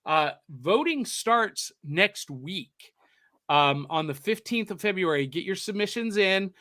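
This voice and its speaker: Male podcast host, upbeat and playful, brightish tone, casual chat. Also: sits high, lively intonation, a little slow. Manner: playful, breaks into a mock newsreel announcer voice. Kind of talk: casual chat reading viewer comments.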